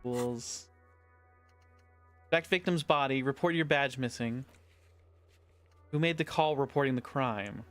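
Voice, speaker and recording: A man's voice: medium pitch, a little slow, long pauses, soft background music. A man streaming a game, casually reading dialogue options aloud and commenting.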